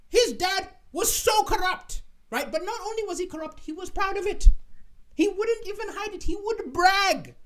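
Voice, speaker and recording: A male comedian host telling jokes in an animated stand-up storytelling style, with frequent "right?" and big swings in loudness. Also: sits high.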